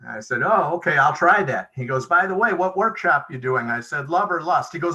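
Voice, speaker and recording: A man's voice: a little high, expressive, fairly quick, few pauses, sharp tone, low-quality recording. A man sharing stories at a recovery meeting over a video call, chatty and acting out the dialogue he quotes. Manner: conversational, acts out quoted dialogue. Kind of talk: storytelling share.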